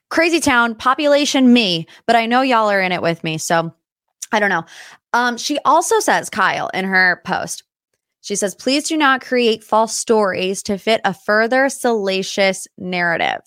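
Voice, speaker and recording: A young woman hosting a podcast, chatting casually about celebrity gossip in an animated way, with dramatic asides. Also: mid-range voice, no echo, clean studio sound. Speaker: podcast host. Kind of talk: casual pop-culture gossip chat.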